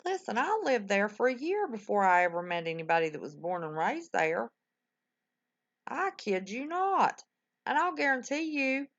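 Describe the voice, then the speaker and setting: Older woman, folksy livestream host, lively up-and-down voice, muffled lo-fi audio. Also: mid-range voice. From West Virginia. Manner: folksy, talkative, exclamatory. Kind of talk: casual chat with live viewers.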